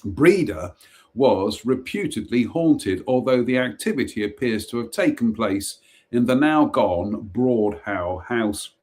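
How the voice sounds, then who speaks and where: A man's voice: mid-range voice, lively intonation, unhurried, a little mellow. A man hosting a live stream, casually reading short ghost stories aloud with wry jokey asides, stumbling and restarting on names.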